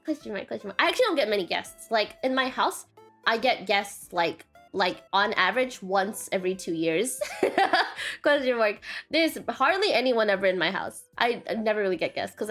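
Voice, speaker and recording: A woman's voice: medium pitch, a bit bright. A woman streamer chatting casually and rambling, often saying "question mark" and laughing.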